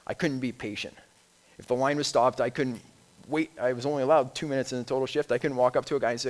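A man of ordinary pitch gives a conversational lay sermon. He reads scripture at an unhurried pace, then talks in a plain, informal way. His speech has frequent restarts and ums. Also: fairly even intonation. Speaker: lay speaker and youth leader.

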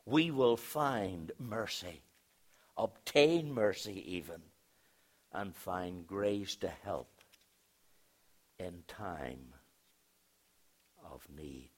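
Male pastor, sermon delivery, unhurried and low-pitched, storyteller who hushes and swells. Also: lively intonation. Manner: storytelling, dropping to hushed tones then rising for emphasis.

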